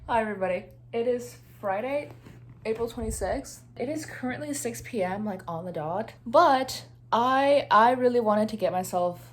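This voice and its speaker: A woman's voice: a little high, animated, moderate pace, slight background noise. Ranting, sarcastic young woman vlogger. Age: 20s. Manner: ranting, sarcastic complaints with sudden squeals. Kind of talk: casual vlog chat. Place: at home at her desk.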